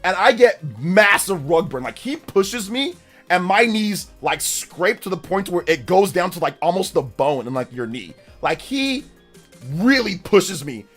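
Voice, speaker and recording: With soft music playing behind him, a young man hosting a livestream narrates a story in slang, unhurried and pitched high. His delivery is lively, and he performs the voices of each person in the story.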